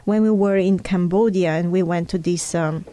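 A woman's voice: fairly low pitch, steady tone, moderate pace, warm tone. A woman in an earnest conversation, explaining ideas in a teaching tone and drawing on personal examples. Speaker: speaker in a conversation.

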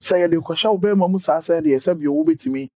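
A man's voice: sits high, lively intonation, brisk, vocal fry, darkish tone, dry recording. A man in casual chat who asks follow-up questions and often answers with short agreements.

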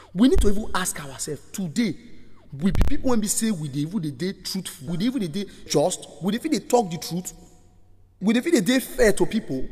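Lively Nigerian preacher in a hall. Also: male voice, sits high, husky. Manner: animated storytelling with acted-out quotes. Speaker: children's preacher. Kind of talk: sermon. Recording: long hall reverb.

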